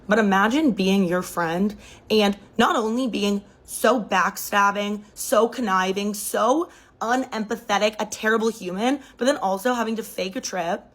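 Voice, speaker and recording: A woman's voice: medium pitch, moderate pace, poor audio. A woman telling a gossip storytime in a blunt, scathing, emphatic way.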